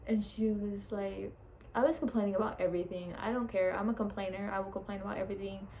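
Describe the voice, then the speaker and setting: A woman's voice: medium pitch, fairly even intonation, fast talker, darkish tone, poor audio. A young woman casually telling a personal story, chatty, laughing often and swearing freely. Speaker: vlogger. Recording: faint background noise.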